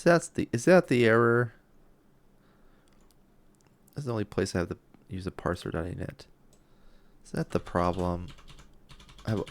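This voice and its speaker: A man with a creaky voice on the low side streams himself coding a game. He thinks aloud, mutters, sometimes whispers, and comes across as loopy and self-deprecating.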